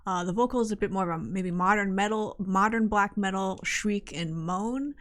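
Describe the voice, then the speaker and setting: A woman's voice: medium pitch, moderate pace. Chatty woman podcast co-host. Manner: chatty, wry, laughs often. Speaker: podcast co-host reviewing a metal album. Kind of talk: casual podcast chat.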